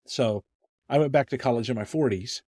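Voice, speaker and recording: A man's voice: mid-range voice, normal speed, darkish tone, dry recording, clean studio sound. A man in his fifties hosting a podcast, telling a personal story in a conversational way. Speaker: podcast host. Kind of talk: casual podcast chat.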